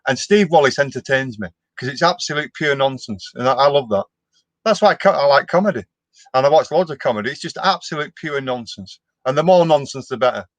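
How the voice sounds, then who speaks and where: In an animated, fairly quick mid-range voice, a middle-aged vlogger chats on his live stream, responding to viewer comments. His manner is down-to-earth, and he frequently restarts what he's saying. There's no room sound.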